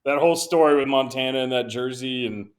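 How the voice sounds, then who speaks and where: A man hosting a sports podcast in a relaxed, casual way, setting up clips for the others. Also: mid-range voice, fairly quick, clean tone. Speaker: podcast host.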